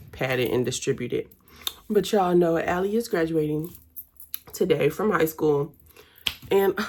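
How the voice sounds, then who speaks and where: A young woman, chatting casually with her viewers while doing her makeup at home. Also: sits low. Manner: chatty, addresses viewers as y'all. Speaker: vlogger.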